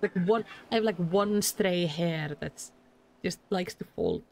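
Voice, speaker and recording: A woman's voice: lowish voice, unhurried, gravelly, darkish tone, faint music behind. A woman streaming a game, chatting casually between lines of game dialogue she reads aloud, with lots of "like".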